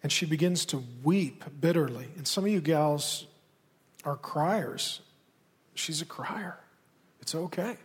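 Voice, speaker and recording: A man's voice: a little high, slow, husky. A man preaching a sermon as pastor, talking directly and conversationally to the congregation with pointed asides. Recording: reverberant hall.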